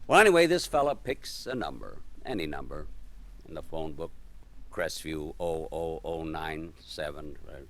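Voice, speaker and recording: A comedian telling a joke story in a halting, hesitant way, full of fillers and pauses. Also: male voice, rumbling low, lively intonation, fairly bright tone.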